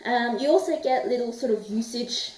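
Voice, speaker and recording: A woman, an English tutor explaining things in a relaxed, chatty way with frequent "um" fillers. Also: fairly high pitch, normal speed. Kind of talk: casual explanatory lesson. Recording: roomy echo, mic at a distance.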